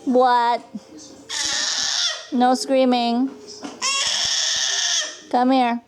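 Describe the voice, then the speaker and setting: A woman talking to small children in a home video, coaxing, soothing and gently scolding them. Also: on the high side, monotone, very slow. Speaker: parent filming toddlers. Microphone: handheld camera. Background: loud background noise.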